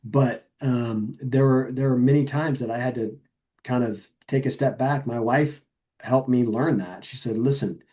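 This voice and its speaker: A middle-aged man speaking as a podcast guest in casual chat, earnest and reflective, halting with many fillers and restarts. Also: mid-range voice, fairly even intonation, dark tone.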